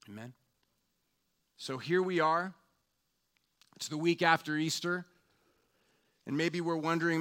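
A man delivers a sermon from the pulpit at an unhurried pace, speaking in a mid-range voice. He often lowers his voice to a near hush as he asks questions and lingers over each phrase. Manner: slow, reflective preaching that drops to a hushed tone. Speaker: pastor.

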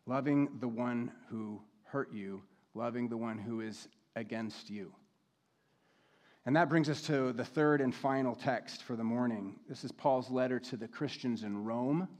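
Man, pastor, sermon delivery, measured and deliberate, mid-pitched voice. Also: darkish tone. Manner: measured, slows to read scripture.

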